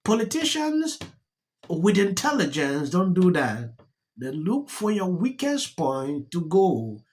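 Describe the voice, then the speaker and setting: Male vlogger, slow and lively delivery, emphatic repeated points. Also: high voice. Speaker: commentary vlogger. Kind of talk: opinion commentary.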